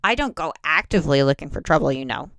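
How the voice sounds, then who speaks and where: A woman's voice: low voice, animated, quick pace, fairly bright tone, no echo, pitched below the performer's own voice. A woman reading the lines of a cheerful, carefree young man who is always breaking bones, in a casual, easygoing tone. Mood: breezy.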